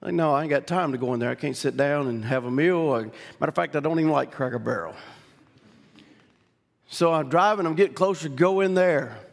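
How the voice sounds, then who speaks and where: A middle-aged man from Louisiana with a Southern accent, preaching a sermon in a folksy storytelling way with many restarts, rising to shouted climaxes. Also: fairly high pitch, fairly quick, vocal fry, long reverb tail.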